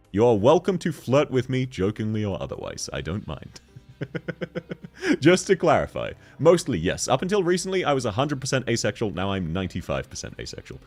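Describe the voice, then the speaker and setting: A young man chatting casually on a game livestream, joking, laughing often and reading chat messages aloud. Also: mid-range voice. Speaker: streamer.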